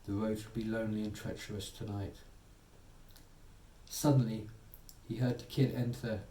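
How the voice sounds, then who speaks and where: A man narrating a soothing bedtime story, gently voicing its characters. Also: lowish voice, level tone, moderate pace, slight background noise. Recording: echoey room, distant mic, faint ambience.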